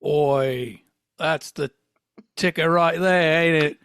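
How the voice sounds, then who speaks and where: A man's voice: on the high side, takes it slowly, fairly bright tone, clean tone, no room sound. A man voicing Biff, a cheeky Cockney-Australian man, in a playful and hammy way, recorded dry and close. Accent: put-on Cockney. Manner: playful, hammy, self-mocking.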